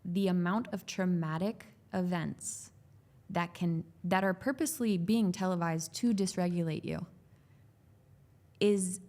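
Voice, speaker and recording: A woman's voice: fairly low pitch, unhurried, warm tone. A woman who works as a growth coach and is a parent of young children. She talks about parenting as a podcast guest, in an earnest, loose way with many "like"s and restarts.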